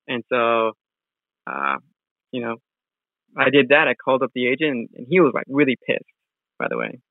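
A man's voice: medium pitch, sing-song, normal speed, creaky, pauses often, no room sound. A man, a real estate wholesaler, telling a story in a casual interview with many fillers and restarts. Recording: tinny phone-like sound.

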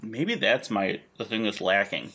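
A man's voice: on the low side, expressive, measured pace, a crowd in the background. A man co-hosting a podcast, telling rambling stories with crude jokes. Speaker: podcast co-host. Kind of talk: casual podcast banter.

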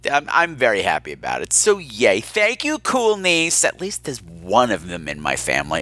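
Campy, lively man hosting a podcast. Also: on the low side. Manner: campy, sardonic, animated storytelling. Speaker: podcast host. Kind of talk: casual chat.

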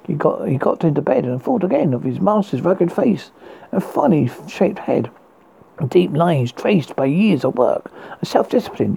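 A man reads a ghost story aloud, stumbling and restarting now and then. His voice is gravelly, dark and husky. His pitch rises and falls a lot as he goes. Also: poor audio. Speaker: story reader.

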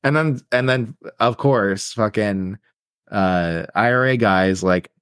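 A man's voice: on the low side, takes it slowly, fairly bright tone, smooth, no echo, clean studio sound. A man co-hosting a podcast, loosely recapping a film with profanity, often trailing off as he searches for words. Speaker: podcast co-host. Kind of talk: casual chat recapping a film.

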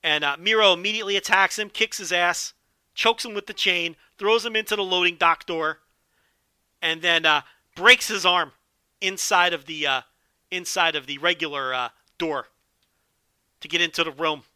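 A man's voice: high-pitched, normal speed, sharp tone, clean tone, dry recording. A man giving a casual wrestling recap, enthusiastic and profane, riffing with jokes. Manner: enthusiastic, profane, joking riffs. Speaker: wrestling show commentator.

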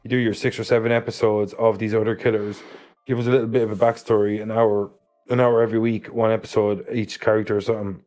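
A man's voice: lowish voice, level tone, a little mellow, soft background music. An Irish man co-hosting a casual podcast chat, talking in an easygoing way with lots of "like" fillers. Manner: quick and easygoing, with many "like" fillers. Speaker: podcast co-host.

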